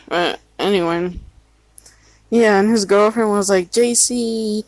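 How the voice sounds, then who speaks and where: A woman speaks softly in a casual storytime monologue, her talk full of fillers and swears. Her voice sits mid-range in pitch. The recording is dry, with no room sound. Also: fairly even intonation, slow pace, no room sound, rough recording. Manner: quiet-spoken, swears freely, frequent fillers. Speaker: storyteller recounting her past.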